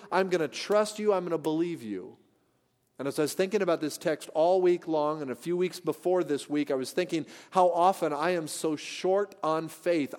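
A man preaching a sermon as pastor, earnest and questioning, swinging from loud to hushed. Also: high-pitched. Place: church sanctuary. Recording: long church reverb.

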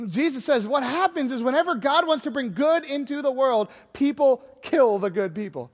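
A man with a very high voice preaches as a pastor, easy and conversational, and he acts out the people in the story as he tells it. His words ring out with a long reverb, as if in a large hall. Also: animated, normal speed, few pauses. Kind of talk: sermon.

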